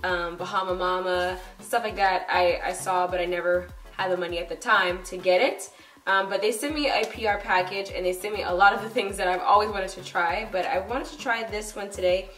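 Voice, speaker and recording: A woman's voice: fairly low pitch, steady tone, a little fast, fairly bright tone, far from the mic. A young woman talking casually through a makeup tutorial, chatty and bubbly, with lots of fillers. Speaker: beauty vlogger. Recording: roomy echo, a bit off-mic. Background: faint background music.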